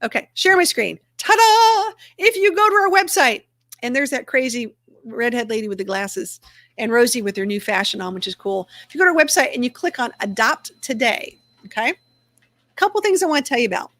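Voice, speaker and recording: Upbeat woman host, a touch high-pitched, casual and chatty, talking viewers through her screen. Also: animated, fairly quick, fairly bright tone, dry recording, studio quality. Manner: chatty and upbeat, narrating her clicks aloud. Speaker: livestream host for a dog rescue community. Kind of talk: casual livestream chat while sharing her screen.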